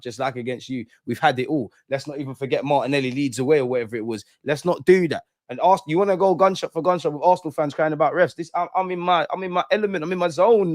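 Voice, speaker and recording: A man's voice: high voice, quick pace, no echo, clean studio sound. A young man hosting a live fan stream, ranting heatedly and repeating lines for emphasis. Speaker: fan channel host.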